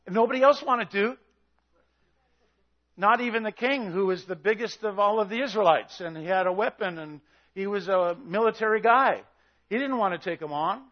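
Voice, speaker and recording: A man preaching an intense, shouted sermon who acts out the voices in his story. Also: high voice, dull audio. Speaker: pastor.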